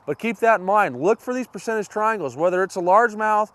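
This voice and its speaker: A man hosting a fishing show, teaching on a boat outdoors in a folksy way and bursting into excited exclamations. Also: high-pitched, brisk, no room sound. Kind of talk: outdoor fishing instruction and excited on-water chat.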